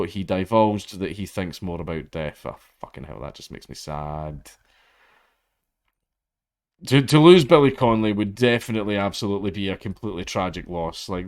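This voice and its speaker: A man giving blunt, profane, casual commentary and retelling a story. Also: lowish voice. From Scotland. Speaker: commentary host.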